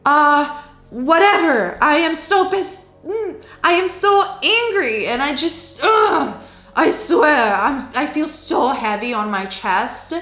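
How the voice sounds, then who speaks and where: A woman's voice: high voice, sing-song, slow, a bit bright, soft background music, voice pushed up, exaggerated voice. A woman voicing a frustrated woman who sputters and vents in exasperation, in a roomy echo. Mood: exasperated. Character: fed-up frustrated woman venting, grumbling.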